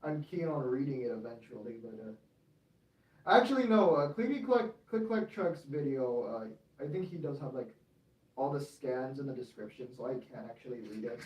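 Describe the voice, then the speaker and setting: A young man streaming his model railway layout in casual commentary, excitable and prone to yelling at the trains. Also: mid-range voice, normal speed. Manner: excitable, yells at toy trains.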